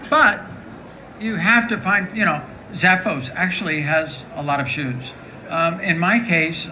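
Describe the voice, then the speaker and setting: Bright, forceful voice, deep and raspy, from a woman in her late sixties. She talks openly and with humor to a live crowd. There is a faint hiss behind her. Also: rough recording. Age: 60s. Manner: frank, joking, animated storytelling. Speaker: guest speaker. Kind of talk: candid live talk with audience.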